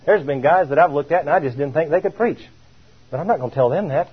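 A man delivers a sermon in a husky, fairly high voice, leaning hard on his words and stretching them out. He keeps asking his listeners rhetorical questions. The recording is dull and lo-fi. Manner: emphatic, drawn-out, rhetorical questions. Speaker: preacher.

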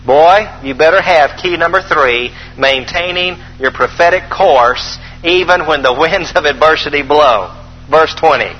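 A man preaching a sermon, reading scripture aloud with animated, folksy, emphatic asides to the congregation. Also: a little high, unhurried, husky, long reverb tail, low-quality recording.

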